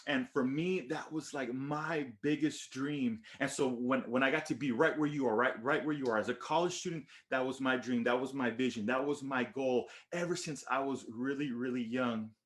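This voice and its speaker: A man's voice: mid-range voice, normal speed, hardly any pauses. A man from the Texas border region giving an emphatic motivational keynote to students, repeating phrases and calling listeners by name over a video call. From Texas border region, USA. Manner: emphatic, repetitive storytelling that addresses listeners by name. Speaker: motivational speaker.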